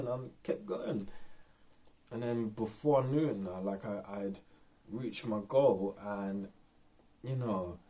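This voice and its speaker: A man's voice: lowish voice, warm tone, slightly rough. A man talking candidly and in a rambling way in an unscripted personal vlog. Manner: rambling and candid, lots of fillers. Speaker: vlogger.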